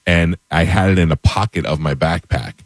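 A man hosting a podcast, chatting in a relaxed, rambling way. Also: low-pitched, normal speed, no room sound. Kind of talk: casual podcast chat.

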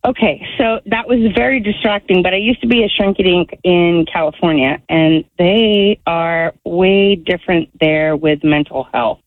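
A woman calling in to a radio show, speaking slowly and haltingly. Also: fairly low pitch, no room sound. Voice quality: slow, halting speech. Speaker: caller. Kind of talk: call-in radio chat. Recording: tinny phone line.

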